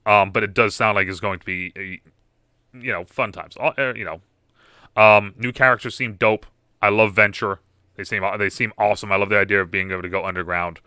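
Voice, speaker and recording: Rambling young man with a crisp, bright voice. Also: fairly low pitch, steady tone, a little fast, no echo, studio quality. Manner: rambling, frequent fillers and restarts. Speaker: gaming YouTuber reacting to a game panel. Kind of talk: casual reaction commentary.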